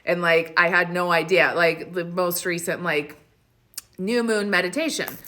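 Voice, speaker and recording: A woman hosting a spiritual livestream, talking casually in a blunt, animated way. She swears freely and laughs often. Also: fairly low pitch, a little slow.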